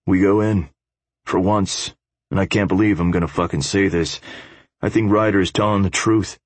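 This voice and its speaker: A man's voice: deep voice, steady tone, normal speed, slightly rough, no room sound. A man voicing a blunt, profane biker who takes the lead. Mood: resolute.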